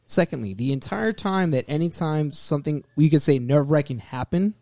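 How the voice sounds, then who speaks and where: A man's voice: fairly high pitch, fairly quick, no room sound, studio quality. A man in casual conversation reviewing a movie, swearing freely and acting out scenes as he retells them. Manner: animated, swearing, acts out scenes.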